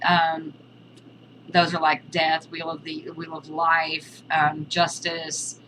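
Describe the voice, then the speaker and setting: A woman with a low-pitched yet bright, forceful voice teaches a casual video lesson. She explains terms in a halting way, listing examples one by one. A faint hum sits behind her. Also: completely flat delivery, poor audio. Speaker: witchcraft teacher.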